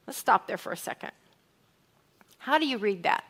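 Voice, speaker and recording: A woman's voice: mid-range voice, expressive, moderate pace, pauses often. A woman pastor giving a sermon, reading scripture aloud and acting out lines in different tones. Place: church sanctuary.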